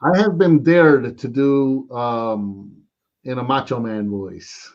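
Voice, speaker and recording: A man's voice: mid-range voice, slow, highs cut off. An American man chatting casually on a live stream about toy collecting, rambling and saying "man" a lot. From United States. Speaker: co-host.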